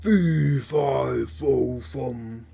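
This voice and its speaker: A man reading aloud puts on a huge, greedy giant who bellows every line. The voice is husky and booms out like a storybook villain. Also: drawn-out words, dark tone, exaggerated voice. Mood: bellowing. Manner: booming, bellowing.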